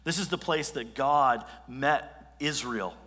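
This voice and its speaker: Animated male pastor preaching in a hall. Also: mid-range voice, slow pace. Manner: animated storyteller acting out quotes. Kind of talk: sermon. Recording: long hall reverb.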